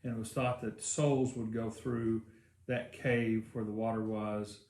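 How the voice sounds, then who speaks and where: A man's voice: lowish voice, flat delivery, measured pace, darkish tone. A male pastor preaching a sermon, telling the story in a casual, rambling way with many fillers. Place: church. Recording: echoey church room.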